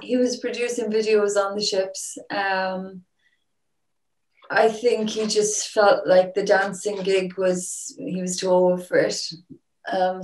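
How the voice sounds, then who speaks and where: A woman from Ireland, a musician guest, chatting casually and rambling through her stories. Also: medium pitch. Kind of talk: casual chat. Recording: echoey room.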